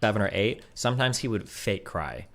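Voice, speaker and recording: A man's voice: on the low side, lively intonation, moderate pace. A man who is a parent, giving earnest, lecturing advice in casual commentary.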